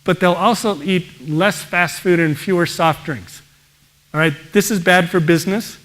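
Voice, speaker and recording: Energetic male pediatrician giving a talk. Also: high voice, moderate pace. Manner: energetic, exclaims wow often. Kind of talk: enthusiastic presentation talk.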